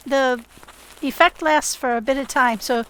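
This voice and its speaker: A woman hosting a survival game video chats with a fellow player and speaks to her audience in a friendly way, using many fillers. Her smooth, slightly bright voice sits high, with fairly even intonation and a measured pace.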